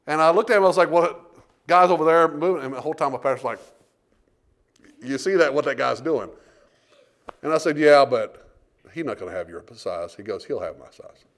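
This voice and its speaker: A man preaching a sermon, telling a folksy story with emphatic, animated delivery. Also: a little high, moderate pace, long pauses.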